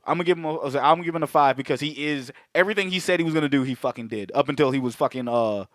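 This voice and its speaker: Animated, profane man on a movie podcast. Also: a little high, very fast, dry recording, studio quality. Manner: profane, animated, slangy storytelling. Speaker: podcast co-host. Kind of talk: casual movie chat.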